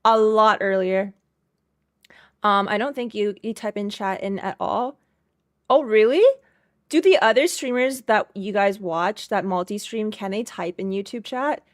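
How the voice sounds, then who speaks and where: A woman's voice: medium pitch, normal speed, hardly any pauses, dry recording, studio quality. A woman live-streaming from home, chatting casually and rambling as she greets viewers by name and talks through her setup.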